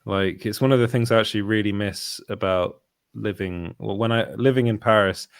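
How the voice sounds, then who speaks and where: A man's voice: lowish voice, no echo, studio quality. A man, telling a rambling anecdote in casual chat, often correcting himself. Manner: rambling, self-correcting storyteller with laughs. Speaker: podcast host.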